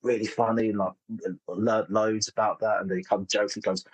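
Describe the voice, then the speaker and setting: A man's voice: on the low side, little pitch movement, normal speed, slightly rough, no room sound, rough recording. A man in his thirties, a comedian telling stories in a casual interview, rambling and self-interrupting with frequent laughs. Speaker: comedian guest.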